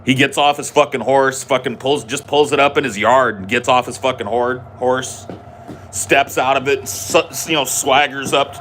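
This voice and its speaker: A man hosting a podcast, telling a funny story in an animated, profane way. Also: mid-range voice, normal speed, a little hiss or hum. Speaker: podcast host. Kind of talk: comedic storytelling.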